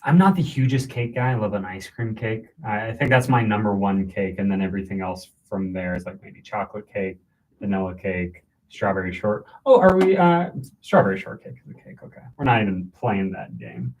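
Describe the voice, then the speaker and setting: A man's voice: lowish voice, expressive, brisk, a little mellow, recorded from a distance, a little hiss or hum, rough recording. A man hosting a casual chat, easygoing and playful.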